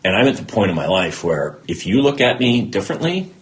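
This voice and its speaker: On a podcast, a male guest with a deep voice recounts his own story candidly and at a quick pace, his pitch swinging widely. He pokes fun at himself and acts out conversations from memory.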